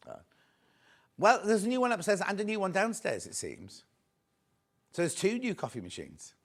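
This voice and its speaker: A man hosts live TV selling and keeps up a bright, chatty patter. His voice sits a little high for a man. He greets viewers by name and keeps urging them to buy before stock runs out. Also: wildly swooping pitch, normal speed. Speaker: shopping channel presenter.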